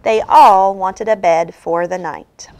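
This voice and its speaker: A woman reading a children's picture book aloud in a slow, expressive, sing-song way. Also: mid-range voice. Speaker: storybook reader.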